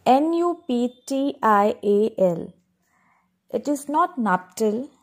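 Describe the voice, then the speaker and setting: Speaking slowly in a high, animated voice, a woman teaches a class of schoolchildren to pronounce words. She talks to them directly, spells every word out letter by letter and repeats it with patient instruction.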